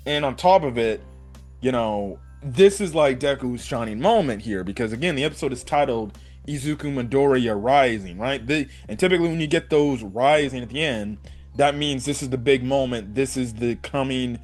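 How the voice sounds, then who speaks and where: A young man giving a casual, excited episode review, talking in a loose run of fillers and slang. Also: mid-range voice, moderate pace, faint music behind. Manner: excited fan talk, many fillers and "bro". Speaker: anime reviewer.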